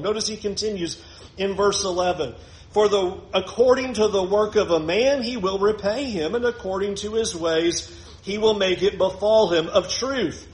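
A man preaching an expository sermon, earnest and emphatic, slowing and repeating phrases for weight. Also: high-pitched, roomy sound, poor audio.

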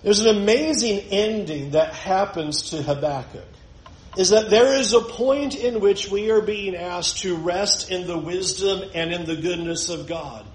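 A man with a high voice preaches a sermon, talking to his listeners conversationally and slipping in joking asides. The room around him echoes noticeably. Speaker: pastor.

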